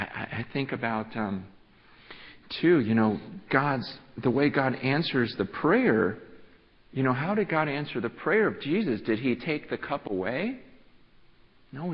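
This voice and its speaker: A male pastor preaching a sermon, moving from hushed reflection to fervent pleading, often restarting phrases. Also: medium pitch, very animated, a little slow. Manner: passionate, builds from hushed to pleading. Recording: dull audio with long hall reverb.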